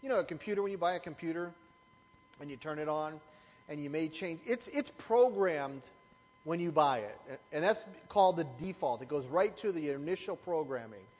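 High-voiced man preaching in an echoing hall. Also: normal speed. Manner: animated storytelling, asks the congregation rhetorical questions. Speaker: pastor. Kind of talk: sermon.

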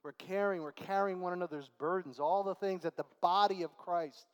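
A man's voice: high-pitched, clean tone, lo-fi sound. Man, pastor, verse-by-verse sermon, conversational, emphatic swells, long hall echo. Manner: conversational preaching, slow deliberate scripture reading, swells to emphatic.

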